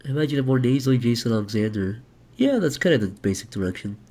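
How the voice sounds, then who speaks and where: A man chatting casually on a livestream, animated, profane and quick to laugh. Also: mid-range voice. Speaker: streamer.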